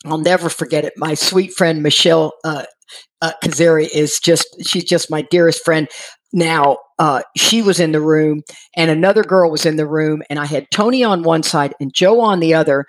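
A middle-aged woman casually telling a personal recovery story, animated and acting out what people said, laughing now and then. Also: deep voice, moderate pace. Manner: animated, acts out quoted voices, laughs while telling.

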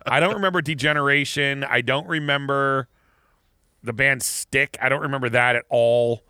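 In a casual podcast chat, a male co-host rambles and keeps restarting his sentences, full of false starts. His mid-range voice holds a steady tone at normal speed, sounding bright, forceful and clean. The recording is dry and studio quality.

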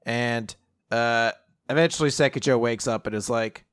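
A man's voice: mid-range voice, moderate pace, fairly bright tone, clear, resonant tone. A man in casual chat, animatedly recapping a story, laughing often and acting out quoted lines.

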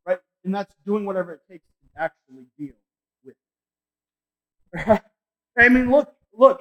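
A man preaching a sermon as a pastor, conversational and animated, often checking in with tag questions. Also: high voice. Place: church sanctuary. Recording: echoey church with faint music.

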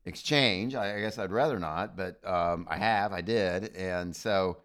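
An American man co-hosting a casual podcast, musing through his opinions in a halting, thoughtful way. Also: deep voice, a bit bright, clean tone. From United States. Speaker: podcast co-host. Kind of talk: casual chat.

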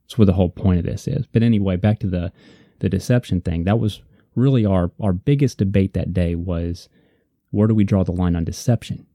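A man with a low, deeply mellow voice talks through his faith in a casual discussion. He is earnest and reflective, circling back to repeat key points for emphasis. The sound is dry and close. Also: brisk, dry recording. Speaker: podcast co-host.

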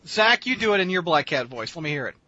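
A man hosting a casual podcast, chatting in lively bursts with frequent filler uhs. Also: fairly high pitch, fast, dull audio. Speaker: podcast host.

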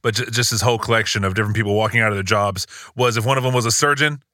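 A man's voice: fairly low pitch, steady tone, very fast, pushed and bright, no room sound. A man co-hosting a podcast in casual chat, laid-back with dry quips, recorded close on a dry mic. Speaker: podcast co-host.

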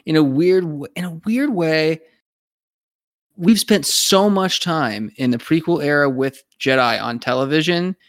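A man co-hosting a casual podcast discussion, animated and talking in quick restarts and repeated words. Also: on the high side, dry recording, clean studio sound. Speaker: podcast co-host.

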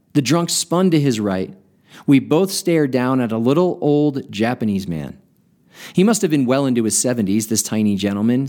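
A podcast host reading a story aloud in an expressive storytelling manner. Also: male voice, medium pitch.

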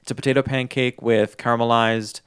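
A man's voice: medium pitch, flat delivery, brisk, fairly bright tone, clean tone, no room sound, studio quality. A young adult man co-hosting a podcast in casual chat, enthusiastic and rambling as he tells stories. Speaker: podcast co-host.

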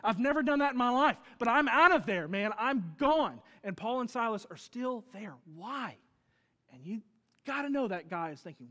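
A pastor, preaching a sermon as an animated storyteller who swings between loud and hushed delivery. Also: male voice, sits high, brisk. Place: church sanctuary. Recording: reverberant church hall.

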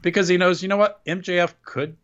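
A man co-hosting a wrestling podcast, recapping a match in an excitable, animated casual chat. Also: high-pitched, fast, clear, resonant tone. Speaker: podcast co-host. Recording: dull lo-fi sound.

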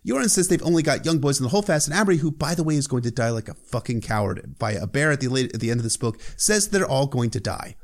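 A man's voice: mid-range voice, very animated, quick pace, creaky, few pauses. A man casually recapping a book chapter as a podcast host, irreverent and profane, with joking asides.

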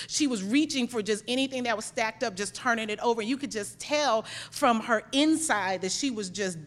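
A woman's voice: on the high side, fairly bright tone. A middle-aged woman pastor preaching a sermon, telling a story with animation and then pressing her points with emphasis.

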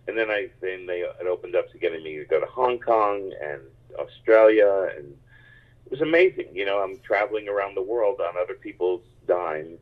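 A man who grew up in the United States, a stand-up comedian telling rambling, animated stories in a casual interview. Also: low voice, moderate pace. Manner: animated, rambling anecdotes with many restarts. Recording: tinny phone-like line.

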